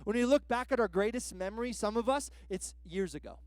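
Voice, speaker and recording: Man preaching a sermon, very high voice, casual and slangy, dry close sound. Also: brisk, a little mellow, dry recording. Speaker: guest pastor.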